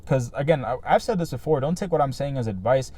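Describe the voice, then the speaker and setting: A man's voice: mid-range voice, lively intonation, fast, mellow, breathy edge. A man talking casually to his viewers in a vlog, earnest and rambling, with many fillers and "right?" tags. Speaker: vlogger. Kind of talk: casual reflective talk to camera.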